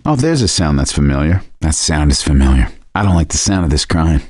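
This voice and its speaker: A cynical survivor in a video game, delivering sarcastic quips. His voice sits very low. The recording is close and dry. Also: very animated, fairly quick, a little mellow, no room sound, exaggerated voice. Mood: sardonic. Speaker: game character.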